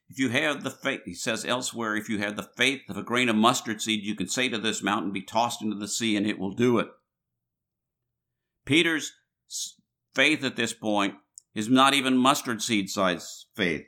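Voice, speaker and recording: A man's voice: lowish voice, normal speed, pushed and bright. A man preaching a sermon in a conversational way, reading scripture aloud, with frequent restarts and filler words.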